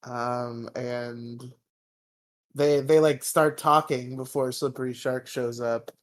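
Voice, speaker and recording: A young man co-hosting a podcast, casually recapping a show, swearing freely and tossing in quick character impressions. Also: medium pitch, fairly even intonation. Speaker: podcast co-host.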